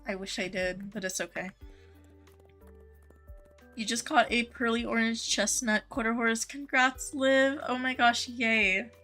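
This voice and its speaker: Faint music plays behind a woman streaming games, whose voice sits on the high side, sharp and steady at an unhurried pace. She reads chat messages in a chatty, casual way, laughing easily and leaning heavily on "um" and "like."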